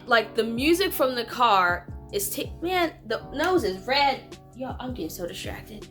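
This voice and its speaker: A woman's voice: fairly high pitch, bright, forceful tone. Rambling woman reviewing a bad movie. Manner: rambling, frequent "like". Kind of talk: casual chat. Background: music.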